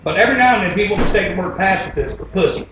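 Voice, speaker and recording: A high-voiced man telling comic stories on stage in a laid-back, rambling way. He is heard from far off in a very echoey room. The live recording sounds dull, with steady background noise. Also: very fast. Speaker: storyteller. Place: stage before an audience.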